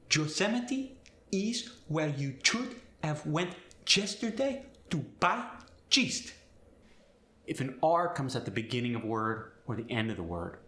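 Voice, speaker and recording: Lively, animated male accent coach. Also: on the low side, echoey room. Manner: animated, demonstrative teaching. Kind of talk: instructional pronunciation tutorial.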